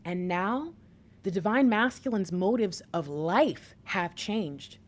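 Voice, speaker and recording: A woman giving a tarot reading to her viewers, excitable, breaking into laughs and whispers as she talks straight to them. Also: medium pitch, slow pace. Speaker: tarot reader.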